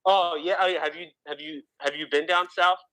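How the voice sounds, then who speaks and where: A man's voice: a little high, steady tone, brisk, pushed and bright, rough recording. A man from the US East Coast with a slight Philadelphia accent, co-hosting a casual podcast chat with frequent restarts. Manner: rambling, restarts often, opinionated. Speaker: podcast co-host.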